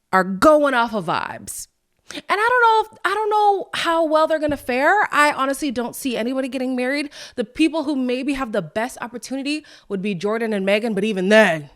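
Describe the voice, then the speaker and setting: A young adult woman hosting a casual recap podcast. She talks in a chatty, animated way and quotes people in playful voices. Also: a little high. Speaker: podcast host.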